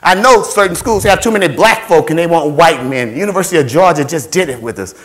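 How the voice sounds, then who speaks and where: A man giving an animated motivational talk to students about finding scholarships, playful and repetitive, acting out voices and sounds. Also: fairly high pitch, quick pace. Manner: playful, repeats phrases, acts out voices and sounds. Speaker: scholarship workshop speaker.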